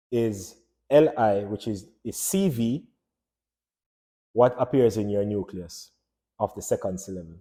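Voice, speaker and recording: Slow, mellow-voiced man teaching phonology. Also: fairly low pitch. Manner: teacherly, asks questions and answers them himself. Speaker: language teacher. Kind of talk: casual lecture on phonology.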